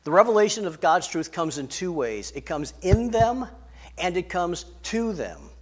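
A man preaching a sermon, emphatic, rising and falling in loudness and pace. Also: high-pitched, big pitch swings, measured pace. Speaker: pastor.

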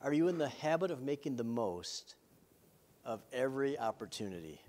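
A man's voice: medium pitch, big pitch swings, normal speed, darkish tone. Middle-aged man preaching a sermon. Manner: earnest with self-deprecating humor. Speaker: pastor.

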